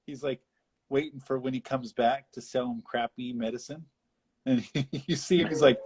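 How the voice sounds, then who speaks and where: A man co-hosting a casual podcast, recapping a film in a rambling, animated way with frequent laughter. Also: medium pitch, moderate pace, breathy edge. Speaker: podcast co-host. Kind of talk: casual film discussion chat.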